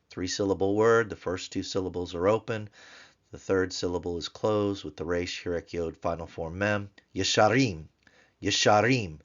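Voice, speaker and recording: A man teaching a grammar lesson, sounding out words slowly and repeating them for drill. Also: deep voice, muffled recording. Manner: slow, drawn-out repetition of words for drilling. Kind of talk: recorded tutorial lesson.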